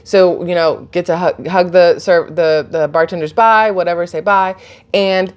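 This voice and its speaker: A woman's voice: on the low side, normal speed, smooth. A woman, telling a story casually to her phone and acting out the people in it with lots of energy. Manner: animated, chatty, laughs and gasps while retelling. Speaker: vlogger.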